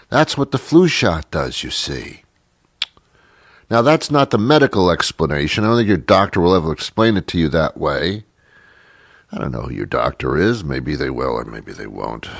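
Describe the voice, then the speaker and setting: A man's voice: rumbling low, lively intonation, moderate pace, vocal fry, no room sound, clean studio sound. A man hosting a talk show, rambling sarcastically through a comic monologue with many asides. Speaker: radio show host.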